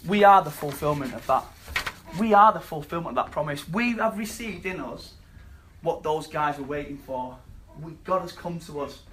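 A man preaching a sermon, telling a scripture story earnestly and dropping to quiet emphasis. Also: on the high side, expressive, normal speed, slight background noise.

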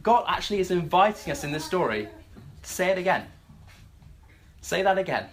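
A preacher giving an animated sermon, retelling a story with many stammered restarts and acting out the voices of its characters. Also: mid-range voice, fairly quick.

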